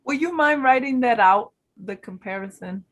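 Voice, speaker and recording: A student in an online class asks careful, curious questions over a video call, speaking at an average pitch. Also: lively intonation, normal speed.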